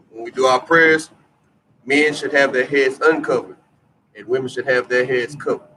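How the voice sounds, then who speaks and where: A man's voice: mid-range voice, fairly bright tone. A man leading a congregation through its prayers, giving instructions and then chanting lines for the congregation to repeat. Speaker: prayer leader. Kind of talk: call-and-response congregational prayer. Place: congregation hall. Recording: distant mic with congregation noise.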